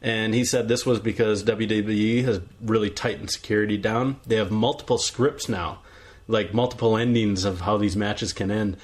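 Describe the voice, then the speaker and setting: A man's voice: on the low side, steady tone, moderate pace. Rambling male podcast co-host. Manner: rambling, many fillers and restarts. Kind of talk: casual chat.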